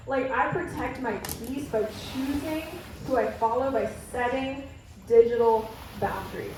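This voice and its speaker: A woman youth pastor gives a playful, talkative sermon, often addressing the crowd directly. Her voice sits high. She is recorded from across a large hall, so heavy echo surrounds every word. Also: darkish tone, a little hiss or hum. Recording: echoey hall from far off.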